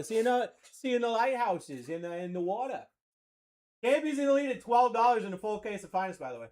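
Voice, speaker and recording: A man from Maine with a Maine accent hosts a live card-breaking stream, calling pulls with energetic, slangy banter and shouting over big hits. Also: high-pitched, fairly quick. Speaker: card-breaking livestream host. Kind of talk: excited live sales commentary.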